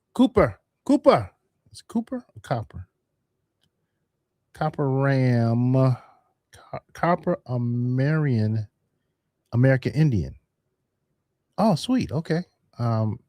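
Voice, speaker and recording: A man's voice: mid-range voice, a little mellow, no room sound, studio quality. A man hosting a live stream in a casual, chatty way, calling out poll votes to viewers. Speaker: livestream host.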